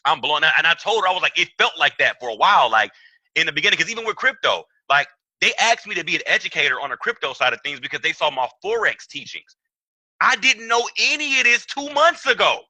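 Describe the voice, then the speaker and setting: A young man, telling a story in an animated way and acting out the dialogue in a raised voice. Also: fairly high pitch, fast talker, no room sound, rough recording. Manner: excitable, acts out quoted dialogue in raised voice. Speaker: trading trainer.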